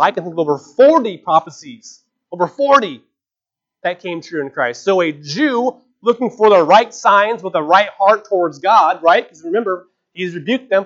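A high-pitched man delivers a sermon in an earnest, conversational way, often posing rhetorical questions. The recording sounds dull and lo-fi.

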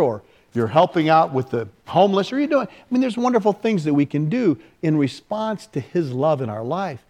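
A man preaching an informal church teaching, animated and conversational, with frequent restarts. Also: on the high side, dull audio. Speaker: pastor.

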